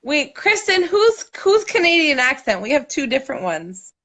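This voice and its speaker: A woman's voice: high voice, big pitch swings, moderate pace, a bit bright. A woman from Montreal, a group moderator, chatting casually on a video call and laughing often.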